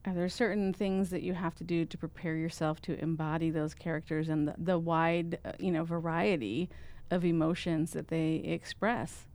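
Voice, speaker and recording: A woman's voice: low-pitched, fairly even intonation, normal speed, a little mellow. A woman hosting a public radio interview in a conversational way. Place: radio studio.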